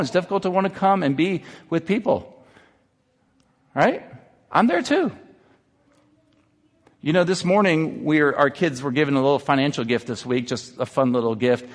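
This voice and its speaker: This pastor, a man in his thirties, delivers an earnest sermon that goes from personal confession to exhortation. His voice runs on the high side at normal speed, with the big-room sound of a church sanctuary.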